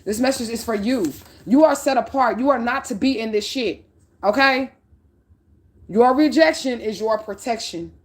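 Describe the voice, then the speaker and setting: A woman's voice: fairly high pitch, normal speed. A middle-aged woman giving a spiritual reading, preaching bluntly and profanely with heavy emphasis. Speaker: spiritual reader.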